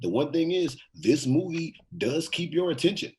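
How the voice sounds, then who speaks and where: A man's voice: a little high, lively intonation, normal speed, a little mellow, low-quality recording. A man guesting on a casual movie-review podcast, talking in a laid-back, wry way with casual swearing.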